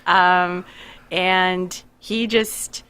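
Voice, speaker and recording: A woman's voice: on the low side, steady tone, drawn-out words, fairly bright tone, clear, resonant tone. A woman author talking as a guest on a radio show, candid and a little self-deprecating, wandering from topic to topic. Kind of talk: casual radio interview.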